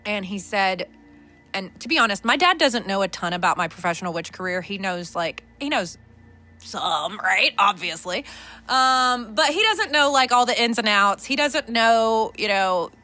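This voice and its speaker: Over soft background music, a young woman speaks in an animated, mid-range voice that sounds pushed and bright, at a moderate pace. She's a podcast host riffing candidly and casually on her own, cursing freely and laughing a lot amid fillers.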